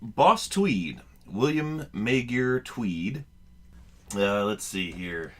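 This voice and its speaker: A man with a lowish voice co-hosting a comedy podcast. He explains a historical story in a loose, offhand way. The tone is bright despite the low pitch. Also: sing-song, very slow. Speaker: podcast co-host. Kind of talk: casual comedic chat.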